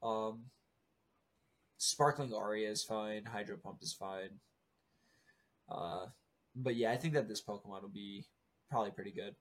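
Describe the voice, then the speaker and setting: A man in an easygoing podcast chat, working through game strategy out loud. He rambles and trails off often, dropping in fillers and restarts. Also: on the low side, measured pace, pauses often. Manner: relaxed, rambling, full of fillers. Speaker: podcast co-host. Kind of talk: casual chat about competitive game strategy.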